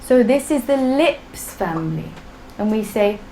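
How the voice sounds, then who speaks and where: A woman's voice: on the high side, expressive, a little slow, dark tone, slight background noise, poor audio. A woman teaching a live online language class, drilling sounds patiently for students to repeat. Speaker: Sanskrit teacher.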